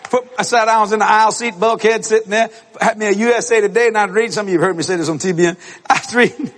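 A male preacher delivering an animated storytelling sermon to a congregation, acting out voices and breaking into shouts and laughter. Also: high voice, rapid-fire. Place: church service with congregation.

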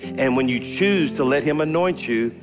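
A middle-aged man preaching a sermon to his congregation, emphatic and animated, calling out to the crowd and rising into bursts of fervor. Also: medium pitch, moderate pace, music in the background. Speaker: pastor. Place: church sanctuary before a congregation.

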